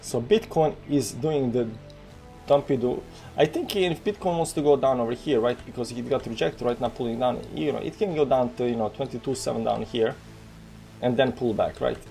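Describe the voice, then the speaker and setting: A man with a Balkan accent from the former Yugoslavia gives casual live crypto trading commentary, rambling along with lots of fillers and numbers read aloud. His medium-pitched voice has vocal fry and a warm tone, moving at a normal speed. Soft music plays in the background.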